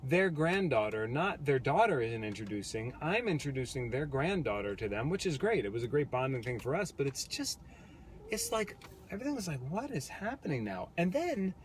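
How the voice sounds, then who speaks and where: A man's voice: medium pitch, sing-song, brisk, a little hiss or hum. A man in a car telling his baby's birth story as a casual vlog co-host, earnest and reflective, with many restarts. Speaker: vlog co-host, new father. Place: parked car.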